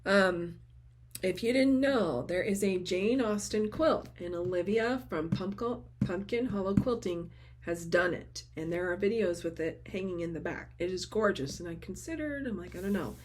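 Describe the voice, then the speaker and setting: A woman with grandchildren, chatting excitedly as she shows off a craft haul, often gushing and acting out conversations with friends. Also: mid-range voice, normal speed, slight background noise. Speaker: craft vlogger. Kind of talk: casual show-and-tell chat.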